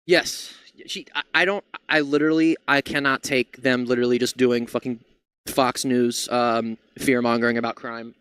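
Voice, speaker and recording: A man's voice: medium pitch, steady tone, normal speed, a bit bright, smooth, no room sound. A man streaming a political reaction, ranting heatedly with lots of swearing into a close mic. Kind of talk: livestream reaction rant.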